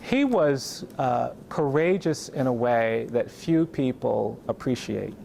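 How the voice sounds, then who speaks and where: A man explaining civil rights history in a measured, admiring way, with frequent fillers. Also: mid-range voice, expressive, creaky, a little mellow, a little hiss or hum. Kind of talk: explanatory talk.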